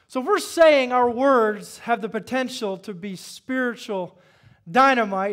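A man preaching a sermon in a casual, conversational way. He asks the congregation questions and swings from hushed prayer to loud exhortation. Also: extremely high pitch, unhurried. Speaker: pastor.

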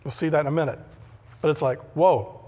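A man's voice: on the high side, fairly quick, dark tone, long reverb tail. A middle-aged male pastor preaching a sermon in a conversational way, often repeating words when he stresses a point.

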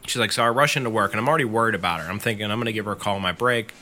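A man's voice: lowish voice, very fast, sharp tone, a little hiss or hum. A man casually retelling a scary story on a podcast, full of fillers and quoting the teller. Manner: filler-heavy, lots of "like", quotes the storyteller.

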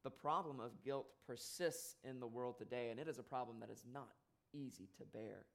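A man preaching a sermon in an earnest way, rising louder on key points and dropping soft on sad ones. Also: medium pitch, normal speed, gravelly.

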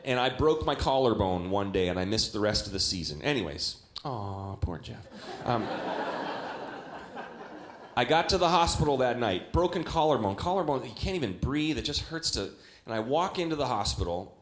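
A young adult man preaching a sermon in a church, talking conversationally with many rhetorical questions and animated quoted voices. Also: medium pitch, roomy sound. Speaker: pastor. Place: church hall.

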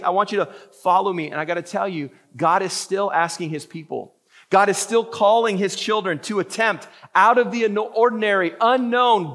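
A man delivers a sermon in a high, light voice. He keeps it conversational and animated, slipping into quoted voices as he tells the story. The tone stays that of a pastor talking straight to his congregation.

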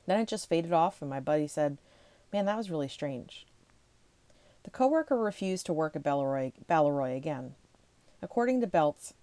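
A woman casually reading ghost stories aloud to her viewers, rushing, tripping over words and breaking off for chatty asides. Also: low voice, warm tone, no room sound. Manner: chatty, reads fast, stumbles and laughs at herself. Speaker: ghost-story video host.

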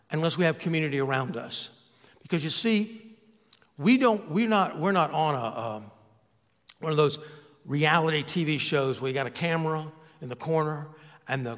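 Joking pastor preaching in an echoing church. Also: male voice, a little high, a bit bright. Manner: conversational, joking preaching with self-mocking asides. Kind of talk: sermon. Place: church sanctuary.

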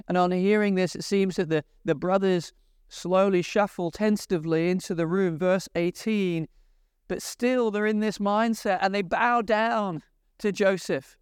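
A man delivers a slow, deliberate sermon in a smooth, resonant voice. He retells scripture with emphatic pauses and turns to earnest, pleading appeals to his listeners. The recording is close and dry. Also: high voice, no room sound. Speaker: preacher.

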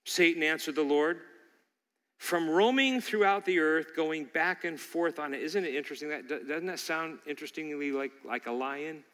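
A man's voice: fairly high pitch, moderate pace, a bit bright. A man preaching a sermon as a pastor, quoting scripture and acting out the devil's lies before answering them. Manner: preaching with rising intensity, acting out Satan's lies. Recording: long hall reverb.

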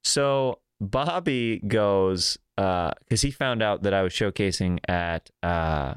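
A man's voice: expressive, slow pace, clear, resonant tone, dry recording, studio quality. A man hosting a casual chat, telling stories and acting out the quotes. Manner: storytelling, acts out quotes in a high voice.

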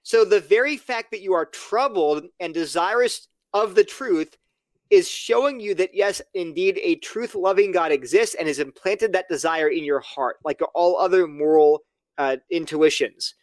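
A man's voice: high-pitched, moderate pace, no echo. A man speaking as a podcast guest, explaining his view earnestly and acting out both sides of imagined exchanges. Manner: earnest, argumentative, acts out quoted dialogue. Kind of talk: casual podcast conversation.

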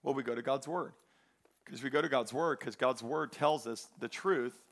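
A male pastor preaching a sermon, swinging from loud, declaring lines to quiet, intimate asides. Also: mid-range voice, normal speed, creaky.

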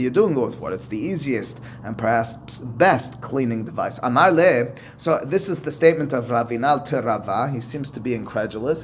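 A man's voice: medium pitch, slight background noise. A man, a rabbi, teaching a Talmud lesson, reading Aramaic and Hebrew phrases and then explaining them step by step.

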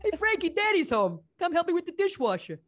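A gruff Brooklyn dad calling out to his kid with a thick New York accent, hearty and loud, as a woman puts him on. The voice is pitched up above her usual speech. The sound is close and dry. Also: big pitch swings, a little fast, no room sound, heavily acted.

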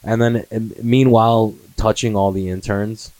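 A man's voice: lowish voice, steady tone, moderate pace, darkish tone, no echo, rough recording. A man in his twenties on a casual comedy monologue, swearing a lot, laughing often and slipping into mocking impressions. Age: 20s. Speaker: comedy podcast host.

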